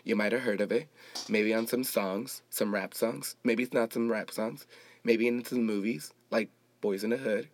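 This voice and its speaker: A man's voice: fairly low pitch, steady tone, moderate pace. A man from Los Angeles hosting a casual solo podcast, chatty and rambling with playful asides. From Los Angeles, United States. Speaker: podcast host.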